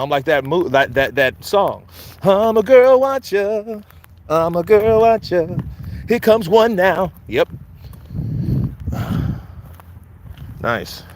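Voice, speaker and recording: A man's voice: fairly high pitch, a little hiss or hum. A man with a Philadelphia accent hosting casual boxing commentary, loose and joking, hyping things up with repeated chants. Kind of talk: casual live-stream chat.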